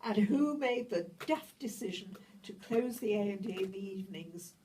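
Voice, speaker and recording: A woman's voice: medium pitch, expressive, moderate pace, warm tone, close to an everyday voice. A woman voicing a worried little male puppet dog who is hurt, speaking fretfully. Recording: distant mic, faint room hiss.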